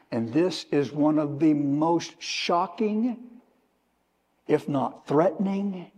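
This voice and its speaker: Male preacher, slow and deliberate, emphatic stress with hushed drops, long hall echo. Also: a little high, slightly rough. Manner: slow, emphatic, tells listeners to underline words. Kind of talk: sermon. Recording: long reverb of a large hall.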